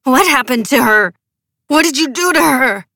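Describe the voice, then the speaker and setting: A woman voicing a grief-stricken, furious young woman in an audiobook, her voice shrill and sharp. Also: measured pace, dry recording, clean studio sound, lightly acted.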